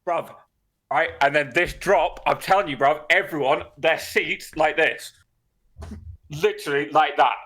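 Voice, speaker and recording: A man's voice: a little high, unhurried, bright, forceful tone, slightly rough. A man co-hosting a podcast, telling a story in casual chat, swearing and laughing often. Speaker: podcast co-host.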